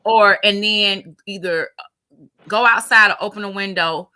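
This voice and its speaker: A woman's voice: medium pitch, steady tone, unhurried, bright, forceful tone. A woman co-hosting a podcast in a casual chat, talking freely with many fillers. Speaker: podcast co-host.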